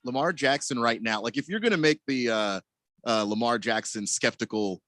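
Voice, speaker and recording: Man, sports radio co-host, medium pitch, hesitant, dry studio mic. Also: moderate pace, fairly bright tone, no echo. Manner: hesitant, many fillers and restarts. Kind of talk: casual sports talk radio.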